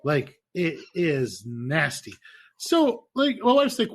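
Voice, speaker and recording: Husky, animated man telling stories. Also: a little high, unhurried. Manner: animated, profane, laughing storyteller. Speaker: podcast co-host. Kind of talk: casual chat, storytelling.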